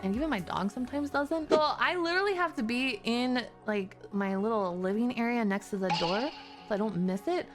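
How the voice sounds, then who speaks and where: A woman streamer telling a story in a casual rant, animated and exasperated, swearing freely. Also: sits high. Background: background music.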